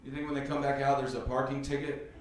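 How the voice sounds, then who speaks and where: Male stand-up comic, mid-pitched, loose and rambling, dark jokes delivered flat, heard from a distance in a very echoey club. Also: fast, heavy background noise. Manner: dark jokes told flatly. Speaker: stand-up comedian. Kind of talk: stand-up comedy set. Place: comedy club stage before a live audience. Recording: roomy club sound, distant mic.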